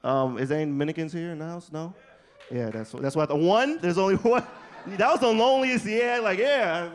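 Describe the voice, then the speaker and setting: A man's voice: high-pitched, fairly quick. A man doing a casual, profane stand-up comedy set on a comedy club stage, telling stories with energy. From New York. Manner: casual, profane, animated storytelling.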